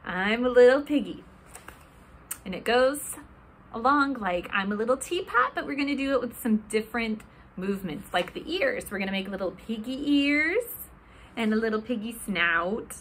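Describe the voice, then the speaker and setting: A woman librarian leading a children's storytime, talking gently and asking the kids questions. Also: on the high side, animated, normal speed, slight background noise.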